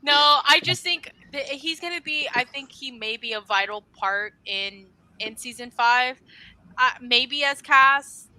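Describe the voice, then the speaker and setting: A woman's voice: sits high, a little slow, bright, forceful tone, poor audio. A woman co-hosting a podcast, chatting casually and emphatically, swearing now and then. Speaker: podcast co-host. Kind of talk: casual chat.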